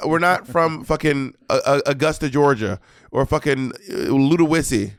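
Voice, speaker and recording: A man with an Atlanta Southern accent co-hosting a podcast, sassy and theatrical in quick banter. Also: fairly high pitch, a bit bright, no room sound, studio quality. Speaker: podcast co-host.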